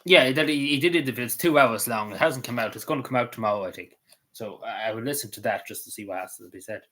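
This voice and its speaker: A man's voice: medium pitch, fast talker, a bit bright. A man with an Irish accent giving casual, meandering commentary as a vlogger, swearing freely and padding his talk with fillers.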